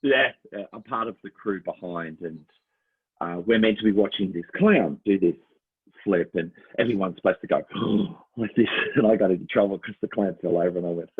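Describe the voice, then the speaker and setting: Husky Australian man on a tinny line. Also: sits low, brisk. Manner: animated storyteller, laughs often, slips into voices. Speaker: podcast co-host. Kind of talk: casual chat. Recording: tinny phone-line sound.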